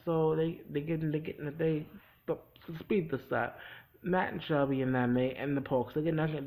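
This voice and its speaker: A man giving a casual, rambling spoken recap of a TV episode, with many restarts and quick acted-out quotes. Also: mid-range voice, creaky, darkish tone, low-quality recording.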